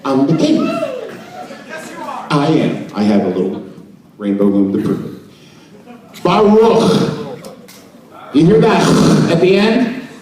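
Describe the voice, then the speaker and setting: A man's voice: mid-range voice, very animated, slow, pauses often, darkish tone. A man giving a joking mock seminar to a live audience at an expo, playfully getting the crowd to repeat words after him. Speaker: presenter at a trade expo. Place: large expo hall with an audience. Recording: echoey hall, voice picked up from far off.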